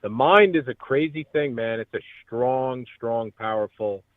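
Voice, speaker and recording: A man's voice: mid-range voice, measured pace, no room sound. A man speaking as an earnest, motivational guest on a radio interview. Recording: tinny phone line, dry.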